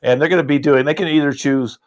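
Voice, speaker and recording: A man's voice: fairly high pitch, steady tone, fast. A man co-hosting an online improv show, teasing his co-host and setting up the next game over a video call. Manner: playful, teasing banter with a co-host. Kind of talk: casual joking emceeing.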